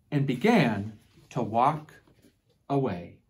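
A woman storyteller with a low voice reads a picture book aloud to children in an expressive, deliberate way. Afterward she asks her listeners what the lesson was.

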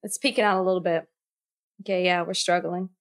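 A woman co-hosting a podcast in casual chat, teasing and quick to laugh. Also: fairly low pitch, fairly even intonation. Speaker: podcast co-host.

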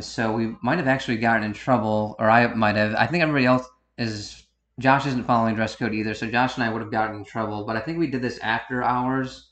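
A man's voice: fairly low pitch, fairly bright tone, roomy sound. A man in his thirties from upstate New York giving a rambling, self-correcting DVD-style commentary. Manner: meandering, self-correcting, unhurried. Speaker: video commentator.

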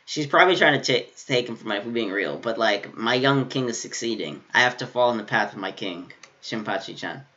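A man hosting an anime reaction video, excitable and laughing as he talks back to the screen in casual commentary. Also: mid-range voice, brisk, few pauses, dull audio. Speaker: anime reaction channel host.

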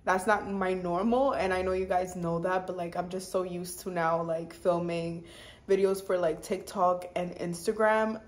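A woman's voice: lowish voice, steady tone. A woman in her twenties chatting casually to her viewers, saying "like" constantly and drifting from topic to topic. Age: 20s. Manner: chatty, says "like" a lot, sidetracks; warm and confiding, fast talking. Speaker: vlogger. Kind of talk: casual chat to camera.

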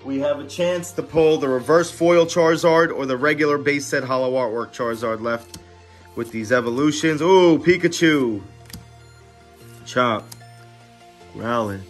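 A man's voice: medium pitch, unhurried, faint music behind. A man hosting a casual card-unboxing vlog, talking eagerly and chatting straight to his viewers. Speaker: card-opening channel host.

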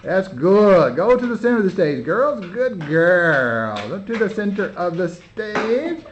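Speaking a little slowly in a high, sing-song voice, a man films and narrates as he directs kids rehearsing a home play. He coaches them patiently, coaxing and praising them again and again. The sound comes from a handheld camera mic, slightly dull and lo-fi with faint noise.

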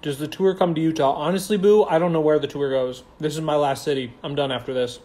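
A man's voice: on the high side, steady tone, quick pace, darkish tone. A young man casually chatting on a phone livestream, reading comments aloud in a playful, campy, slangy way. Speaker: stage actor hosting a livestream.

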